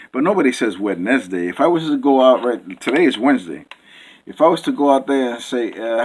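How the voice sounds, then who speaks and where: A man's voice: medium pitch, expressive, a little fast, low-quality recording. A man rambling through a casual home cooking vlog, full of fillers and restarts, joking with himself as he talks. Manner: jokey, self-amused. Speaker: cooking video host.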